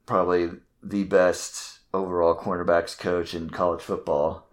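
A man's voice: low voice, little pitch movement, unhurried. A man co-hosting a casual sports podcast, talking in a rambling way with many fillers. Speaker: podcast co-host.

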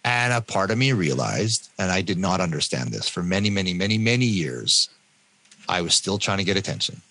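A Canadian man in his fifties telling his own story in an interview with animated delivery, often acting out the voices of other people. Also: deep voice, a little fast, vocal fry, no room sound. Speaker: guest, endurance athlete and coach.

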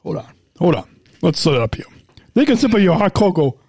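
A woman's voice: on the low side, big pitch swings, a little fast, dark tone, slightly rough, no room sound. A woman co-hosting a podcast in casual chat, rambling and tripping over her words. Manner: rambling, stumbling and repeating words. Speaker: podcast co-host.

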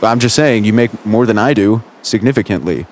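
A man hosting a comedic call-in radio interview, asking questions with incredulous, halting stammers. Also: on the low side, very noisy. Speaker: radio host.

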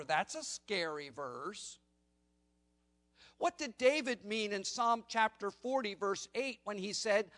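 High-voiced male pastor preaching emphatically. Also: lively intonation, moderate pace, a bit bright. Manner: emphatic, asks the congregation rhetorical questions. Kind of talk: sermon. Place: church sanctuary during a morning service.

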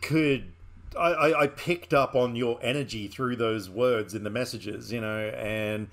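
A man's voice: mid-range voice, a little slow, a bit bright. Male co-host, chatty and enthusiastic, loose casual delivery. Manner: enthusiastic, rambling with fillers and restarts. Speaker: podcast co-host. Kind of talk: casual film chat.

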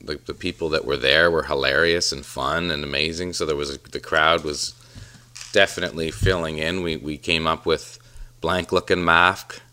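Man, very deep voice, bright tone, podcast co-host, stammering restarts. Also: fairly even intonation. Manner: agreeable, quick backchannels, stammering restarts. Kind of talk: casual chat.

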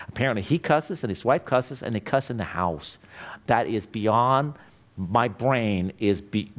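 Man, middle-aged, motivational class lecture, blunt, animated, loud bursts, classroom. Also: medium pitch. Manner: blunt, emphatic, swings loud and quiet. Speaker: class instructor. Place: classroom with students.

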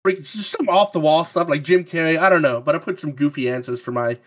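A man's voice: on the high side, fast, a bit bright. A man joking around as a podcast co-host and contestant in a comedy game. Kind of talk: casual chat.

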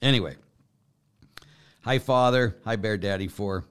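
A man's voice: fairly low pitch, measured pace, smooth. A middle-aged man, a priest hosting a live stream and answering chat comments in a rambling, self-deprecating way. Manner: warm, rambling, self-deprecating, with frequent fillers.

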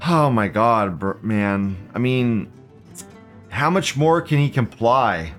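A man hosting a live stream, ranting fast and profanely while mocking what he reads. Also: medium pitch, animated, a bit bright, faint music behind. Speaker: streamer host. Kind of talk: casual live-stream rant.

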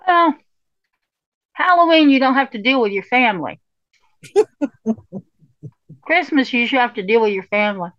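A woman's voice: fairly high pitch, lively intonation, normal speed, long pauses, a bit bright, no echo. Folksy woman, dull lo-fi mic. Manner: folksy, swears casually, laughs often. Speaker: podcast co-host. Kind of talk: casual chat. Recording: slightly dull lo-fi sound.

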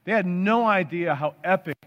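A man's voice: sits high, moderate pace. Man preaching in a reverberant hall. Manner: emphatic preaching with piled-up word lists. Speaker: pastor. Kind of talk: sermon. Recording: dull sound with long hall reverb.

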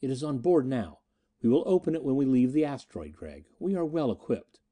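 A man's voice: mid-range voice, very animated, brisk, mellow. A man voicing a proud, jealous Martian woman in an audiobook reading. She speaks in a stern, scornful and intense way.

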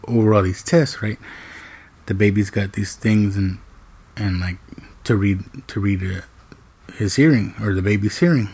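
A man casually recapping a movie plot in an animated, profane way, checking in with "right?" after nearly every point. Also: on the low side, slightly rough. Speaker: movie reviewer.

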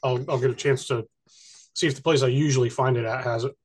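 A man's voice: mid-range voice, steady tone, fast, slightly rough. A man co-hosting a podcast in casual chat, speaking hesitantly with many fillers and laughing easily. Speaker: podcast co-host.

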